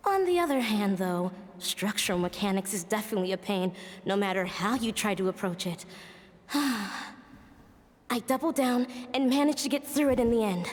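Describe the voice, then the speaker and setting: A woman's voice: mid-range voice, expressive, moderate pace, in a large hall, close to an everyday voice. An actress playing a young mother reading her diary entries aloud in a reflective, tender way.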